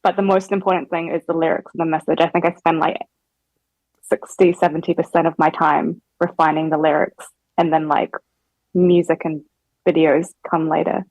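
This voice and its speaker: A woman's voice: deep voice, level tone, moderate pace, darkish tone, no room sound, low-quality recording. A young woman with a New Zealand accent, a guest in a casual chat, talking loosely with lots of fillers and laughter. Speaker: guest rapper.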